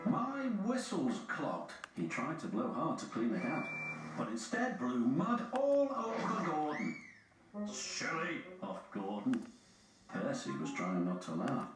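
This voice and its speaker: A man narrating a children's railway story in a lively, sing-song storybook manner. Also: medium pitch, a little slow. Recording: very echoey with music behind.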